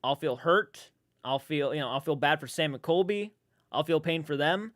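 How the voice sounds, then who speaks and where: A man's voice: fairly high pitch, normal speed, a bit bright, no echo, studio quality. A man chatting casually on a live stream, reading viewers' comments aloud, rambling and swearing freely.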